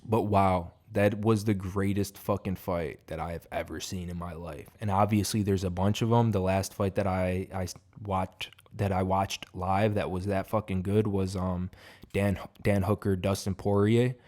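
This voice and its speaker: A man's voice: low-pitched, fairly even intonation, moderate pace, a little mellow. A man giving a casual, profane fight reaction, rambling and emphatic. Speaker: MMA reaction host.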